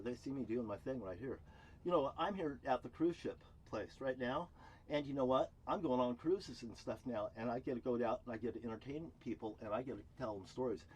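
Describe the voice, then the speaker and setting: A man delivering an angry, profane rant to camera as a vlogger. He swings between loud outbursts and low muttering, recorded outdoors near a cruise ship terminal. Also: slightly rough.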